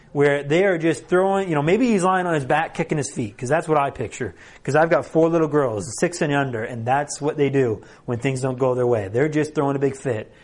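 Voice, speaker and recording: A man's voice: mid-range voice, darkish tone. A man in his thirties preaching a sermon, telling the story with rhetorical questions. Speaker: pastor.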